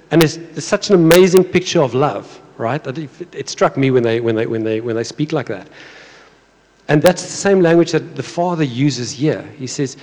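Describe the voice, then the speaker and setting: In a church auditorium with long hall reverb, a man in his thirties or forties delivers a conversational sermon as pastor. He speaks at a moderate pace in a medium-pitched, slightly mellow voice with lively intonation, frequently repeating words and questioning the congregation.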